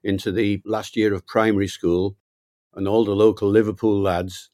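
An older man from Wales speaks as an interview guest in a reflective, anecdotal way. His voice sits low, and the recording is dry with no room sound. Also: little pitch movement, moderate pace, warm tone, dry recording. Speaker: guest linguist. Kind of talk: relaxed interview storytelling.

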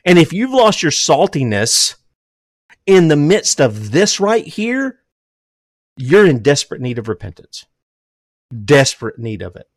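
An older man preaching an impassioned sermon. He swings between loud, emphatic declarations and low, hushed drops, and says he is emotional. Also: big pitch swings, unhurried, pauses often, no room sound, studio quality.

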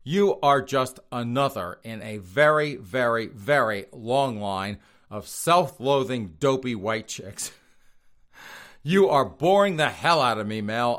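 A male podcast host delivers scornful commentary from a studio, pausing often to chuckle at his own jabs. His voice sits at an ordinary middle pitch, and his tone stays sneering and mocking throughout. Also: animated, fairly bright tone. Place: studio outside Boston.

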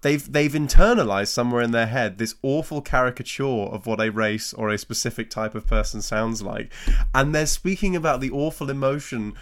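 A man in casual chat about comedy, talking fast with frequent laughs and restarts. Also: mid-range voice, fairly bright tone. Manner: chatty, laughs often, restarts a lot. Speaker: podcast co-host.

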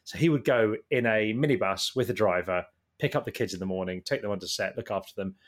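A man, a guest in a casual interview, telling long rambling anecdotes that get animated at the funny parts. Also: fairly low pitch, quick pace.

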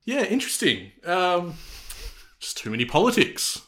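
A man's voice: on the high side, animated, a little fast, fairly bright tone. An Australian man hosting a sports podcast, talking in a dry, sarcastic, teasing way. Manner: sardonic, teasing, drily sarcastic. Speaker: podcast host. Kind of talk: casual sports podcast chat.

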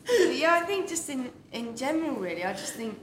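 A woman's voice: high-pitched, big pitch swings, fairly quick. A woman actor in a casual group chat, candid and often laughing. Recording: roomy restaurant echo, background hum.

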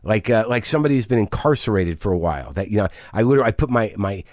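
A man's voice: lowish voice, lively intonation, racing, a little mellow, dry recording, clean studio sound. A middle-aged man hosting a podcast, talking in a manic, rambling, profane confessional monologue. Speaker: podcast host.

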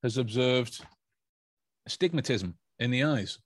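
A man's voice: medium pitch, lively intonation, measured pace, dry recording, clean studio sound. A man hosting a podcast, telling a story in a casual, joking way with lots of stumbling restarts. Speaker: podcast host. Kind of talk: casual chat.

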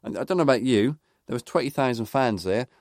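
A man's voice: medium pitch, animated, fast talker, a little mellow, dry recording. Guy, middle aged, rambly football stories on a podcast, dry sound. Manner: rambling anecdotal storyteller, lots of fillers and restarts. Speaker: podcast co-host. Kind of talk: casual football podcast chat.

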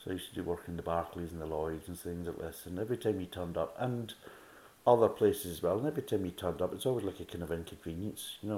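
A man's voice: sits low, fairly even intonation, fast, mellow, echoey room. A Scottish man giving a casual beer review, ranting bluntly and swearing a lot. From Scotland.

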